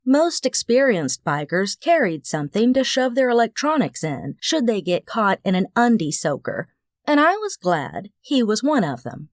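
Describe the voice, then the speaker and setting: A woman narrating a first-person audiobook with an expressive, wry storytelling manner. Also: medium pitch, normal speed, no room sound, clean studio sound.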